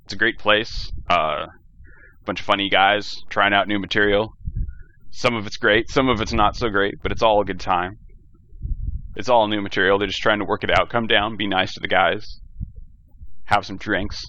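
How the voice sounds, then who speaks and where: A man's voice: on the low side, fairly even intonation, moderate pace, sharp tone, a little hiss or hum. A young man hosting a solo podcast, ranting in a profane, rambling, jokey way, recorded on a cheap gaming headset. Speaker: podcast host. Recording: dull lo-fi headset audio.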